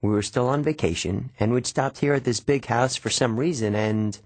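A man narrating a first-person story in a steady, measured reading. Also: medium pitch, no room sound. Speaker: audiobook narrator.

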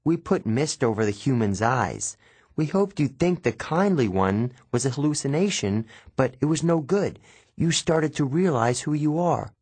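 A man voicing a nervous, touchy young male satyr who talks fast and anxiously, in an audiobook reading. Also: mid-range voice, lively intonation, a little mellow, husky, no echo, voice pushed up.

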